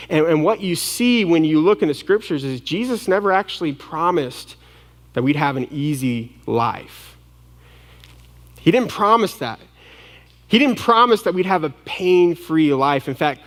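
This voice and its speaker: A man preaching a sermon as pastor, dramatic, swinging from hushed to loud and acting out panicked voices. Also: fairly high pitch, big-room sound. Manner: acts out the disciples' panicked voices.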